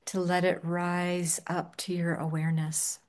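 A woman leading a guided meditation in a gentle, soft-spoken manner, with long pauses. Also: on the low side, flat delivery. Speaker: meditation teacher.

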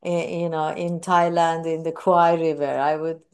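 Earnest woman, slightly low voice. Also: level tone. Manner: earnest, reflective, often pausing and restarting. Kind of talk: personal talk on mindfulness and grief.

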